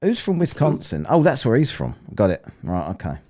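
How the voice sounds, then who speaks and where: A man's voice: medium pitch, huge pitch swings, brisk, mellow. A man from England hosting a livestream, talking in sweary, mocking casual banter. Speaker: livestream host.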